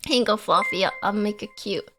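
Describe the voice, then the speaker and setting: A woman's voice: medium pitch, brisk, over music. A young woman streamer chatting casually with her viewers in a theatrical way, swinging between mock sobbing and laughing. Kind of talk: casual live-stream chat.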